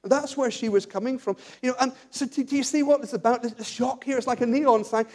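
A man preaching a sermon in church, emphatic and animated, repeating words as he builds his lists. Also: very high-pitched, quick pace. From England.

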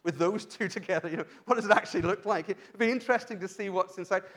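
British male pastor, high-pitched, earnest sermon delivery with frequent restarts. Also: quick pace, fairly bright tone. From Britain. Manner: earnest, asks rhetorical questions, frequent restarts.

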